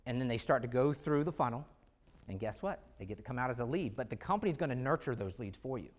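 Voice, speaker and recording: A man giving an energetic, conversational presentation to real estate agents, full of rhetorical questions. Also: mid-range voice, quick pace. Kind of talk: live sales presentation.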